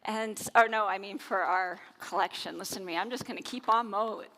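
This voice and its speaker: A woman minister leading a church service, chatty and quick to laugh as she guides prayers and the offering. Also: mid-range voice, bright, forceful tone. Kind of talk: church service talk and affirmation.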